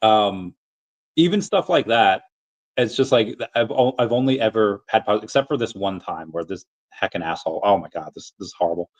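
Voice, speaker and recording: A man's voice: lowish voice, normal speed. An American man with a rambling manner, full of restarts and fillers, chatting casually on a livestream while answering viewers. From United States. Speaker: livestream host answering chat.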